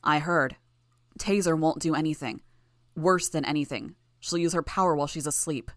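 A woman voicing a cold, emotionless young man who speaks in a flat, terse way. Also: sits low, unhurried, no echo, clean studio sound.

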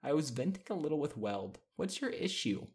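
A man's voice: medium pitch, animated, measured pace, pitched above the performer's own voice, natural voice. Brief: man reading as a defiant young teen heroine, voice lifted, earnest and wounded. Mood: hurt, defiant. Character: young teen girl hero, hurt but defiant.

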